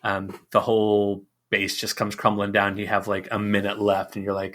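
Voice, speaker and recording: A man co-hosting a casual movie podcast, talking in a lively way and acting out lines from films as he recalls them. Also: lowish voice, moderate pace. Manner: lively, acts out quotes from films. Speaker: podcast co-host.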